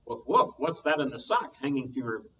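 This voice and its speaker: Man putting on a loud eager storybook dog, woofing, muffled distant sound. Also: medium pitch, big pitch swings, a little fast, slight background noise. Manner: loud, barking. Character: friendly barking dog, eager.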